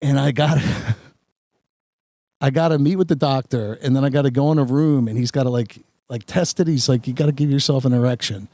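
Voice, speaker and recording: A man's voice: mid-range voice, brisk, mellow, no echo, studio quality. A man, a podcast host telling a long embarrassing story in a rambling, self-mocking way full of filler words. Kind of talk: casual storytelling chat.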